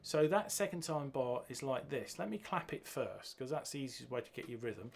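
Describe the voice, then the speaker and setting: A man teaching a bass guitar piece, counting beats and singing the rhythms aloud as he goes. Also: expressive, moderate pace, gravelly. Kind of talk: music lesson walkthrough. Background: bass guitar playing.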